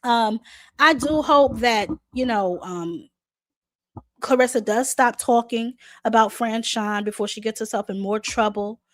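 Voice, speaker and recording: A woman's voice: fairly high pitch, a little slow, no room sound, clean studio sound. A woman hosting a live boxing talk stream, blunt and sassy, with a sore throat and a voice that is going. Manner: blunt, sassy, talks back to chat. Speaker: boxing show host.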